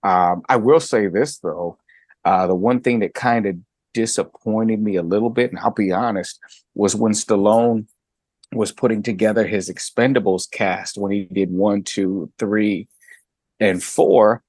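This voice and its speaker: A middle-aged man and guest co-host chatting casually, animated, jumping high in pitch when he makes a point. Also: unhurried, no room sound, clean studio sound. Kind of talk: casual chat.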